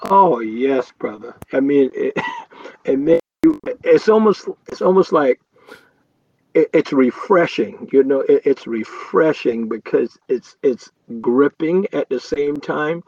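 A man's voice: mid-range voice, lively intonation, slow, gravelly, a little mellow, dry recording, highs cut off. A man co-hosting a casual faith podcast, speaking earnestly and reflectively and often restarting his sentences. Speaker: podcast co-host.

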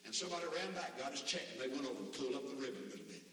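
A man preaching a revival sermon, telling folksy stories and rising to shouted emphasis, heard from a distance in a large church hall. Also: sits high, very fast, few pauses. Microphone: far from the mic. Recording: distant mic in a very echoey hall with faint noise.

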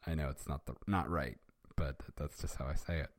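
Wry, deep-voiced man reading aloud. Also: fairly even intonation, fairly quick, dry recording, clean studio sound. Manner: wry, amused asides, chuckling. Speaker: reader and host. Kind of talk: casual reading with wry commentary.

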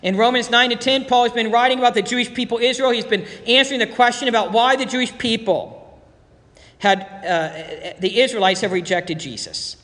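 A man with a very high speaking voice leads a verse-by-verse Bible teaching sermon. He talks emphatically and hammers home each point by repeating it. His voice rings out with a long reverb. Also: moderate pace, fairly bright tone. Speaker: preacher.

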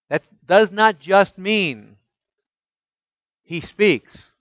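A man preaching a sermon as pastor, emphatic and full of rhetorical questions, dropping soft and low when quoting scripture. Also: lively intonation, moderate pace, pauses often, dry recording, lo-fi sound.

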